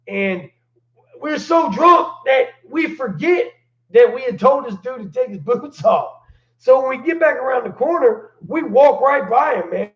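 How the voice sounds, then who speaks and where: A man hosting his own channel, telling stories casually in slang-heavy talk and laughing as he goes. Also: very high voice. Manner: laid-back slang-heavy storyteller, laughs while telling. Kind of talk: casual livestream storytelling. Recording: echoey room, dull lo-fi sound.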